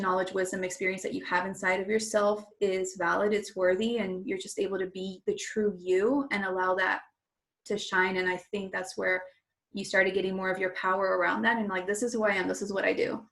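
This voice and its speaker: A woman's voice: medium pitch, fairly bright tone. A woman hosting a casual interview as a coach, who talks in an encouraging way and says "like" often. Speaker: host and coach.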